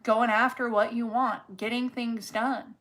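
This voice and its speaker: Tarot reader lady, kinda high voice, swears a lot, real blunt and chatty, repeats stuff for emphasis. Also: flat delivery, a little slow, fairly bright tone. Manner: candid and profane, talks straight to the viewer; emphatic and repetitive when making a point. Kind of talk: casual livestream tarot reading.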